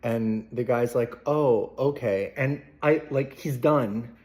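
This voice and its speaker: A man at an ordinary middle pitch tells a story straight to the camera. His delivery is casual and meandering. He keeps slipping in playful asides as he goes. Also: takes it slowly, a little mellow. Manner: rambling, chatty anecdote-telling with playful asides. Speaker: vlogger.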